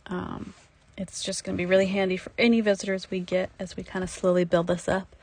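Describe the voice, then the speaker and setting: A woman's voice: fairly low pitch, level tone, a little fast, darkish tone, low-quality recording. A woman vlogging casually while she works on a building project at her campground, chatty and self-deprecating. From United States. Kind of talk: casual vlog narration. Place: outdoor campground building site.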